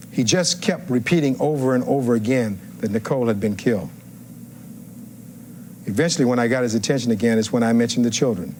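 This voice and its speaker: A man's voice: medium pitch, darkish tone, a little hiss or hum. A man giving a courtroom closing argument as defense attorney, reading testimony aloud and firing rhetorical questions at the jury.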